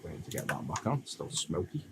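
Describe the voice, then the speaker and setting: Creaky and fairly quick, this man's voice sits low, over a noisy background. He's a Stoke-on-Trent native with a Potteries accent, streaming retro console repairs and chatting casually with his audience while soldering. His manner is laid-back and rambling as he responds to chat mid-task.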